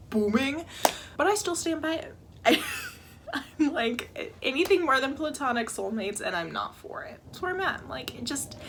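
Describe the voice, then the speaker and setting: A woman talking casually to camera in a book-chat vlog. She rants in an animated way, cuts herself off often and drops into whispered asides. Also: a little high, a little hiss or hum. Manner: animated, self-interrupting, trails off into whispered asides. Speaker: book vlogger.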